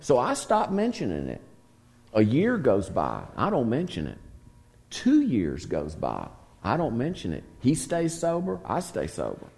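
A man's voice: medium pitch, huge pitch swings, measured pace, vocal fry, a little mellow, big-room sound. A man leading a recovery meeting, telling a long story in a rambling, folksy way full of fillers. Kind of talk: storytelling talk to a group.

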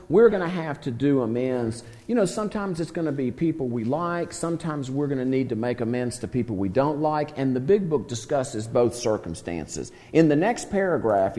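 Man, folksy rambling storyteller, lively swooping pitch, long hall echo. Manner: rambling, folksy, with many fillers. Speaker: recovery meeting leader. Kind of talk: storytelling talk to a group.

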